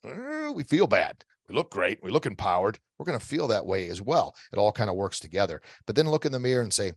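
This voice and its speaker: A man's voice: on the low side, huge pitch swings, fast, vocal fry, few pauses, no room sound, clean studio sound. A middle-aged man speaking as a guest expert in an interview, giving emphatic motivational coaching advice with repeated phrases and frequent restarts.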